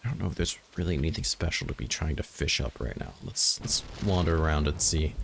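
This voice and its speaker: Animated and fairly quick, a man with a very deep, creaky voice commentates casually on a farming game, thinking aloud and joking dryly at his own expense. Slight background noise is present.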